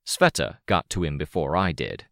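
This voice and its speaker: A man narrating a first-person audiobook in a steady, wry way. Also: very deep voice, normal speed, creaky, no echo, clean studio sound.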